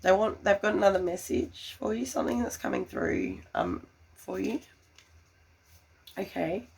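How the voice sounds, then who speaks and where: A woman giving a tarot reading, gushing and full of fillers, breaking into excited laughter. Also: mid-range voice, normal speed, vocal fry, slightly rough. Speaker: tarot reader.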